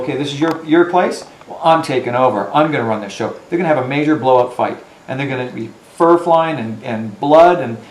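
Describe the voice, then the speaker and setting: A man's voice: fairly high pitch, darkish tone, a little hiss or hum. A male dog trainer speaking emphatically to a dog owner in a home, often checking in with "Okay?". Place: indoors in a home. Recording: echoey room with faint ambience.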